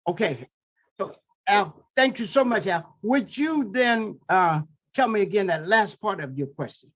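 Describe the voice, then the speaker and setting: Man, interview guest, husky voice, lively swinging pitch, preacherly repetition, dull lo-fi audio. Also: measured pace. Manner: preacherly, repetitive emphasis, rhetorical questions. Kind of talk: impassioned spoken commentary.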